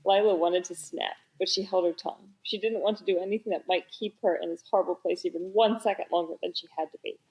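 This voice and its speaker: A woman co-hosting a comedy podcast, reading a teen novel aloud in a steady, wry tone. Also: on the low side, quick pace, few pauses, low-quality recording. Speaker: podcast co-host. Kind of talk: comic book-reading podcast.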